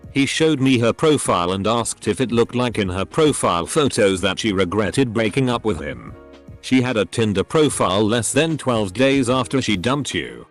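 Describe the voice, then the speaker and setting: Low-voiced male story narrator. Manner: reads posts aloud, spelling out censored words. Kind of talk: scripted narration of online posts.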